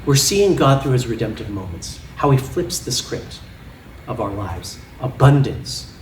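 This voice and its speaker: A man preaching a sermon in a church, animated and often laughing as he makes his points with props and playful sound effects. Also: medium pitch, a little slow, reverberant, distant mic, slight background noise. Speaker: pastor. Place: church sanctuary.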